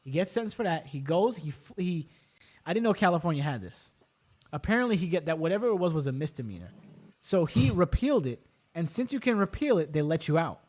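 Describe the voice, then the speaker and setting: A man hosting a podcast, recapping a documentary in rapid, profane, animated casual chat. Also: on the high side. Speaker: podcast host.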